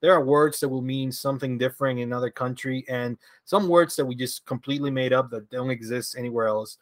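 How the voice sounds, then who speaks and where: A relaxed, hesitant Venezuelan comic creator, appearing as a guest in a casual interview, laughs often and swears freely. He speaks fairly quickly at a medium pitch, recorded dry.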